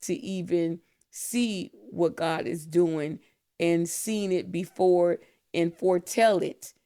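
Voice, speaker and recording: A middle-aged woman hosting a podcast, speaking slowly and tenderly in a heartfelt spiritual talk, close to the mic and near tears. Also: lowish voice, fairly even intonation, dark tone, no room sound. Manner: slow, tender, emotional blessing. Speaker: podcast host, mentor.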